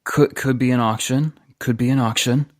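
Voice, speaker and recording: A man's voice: medium pitch, steady tone, normal speed, no echo, studio quality, pitched above the performer's own voice, natural voice. A man voicing a weary, ambitious male ex-saboteur who talks earnestly and gets emotional.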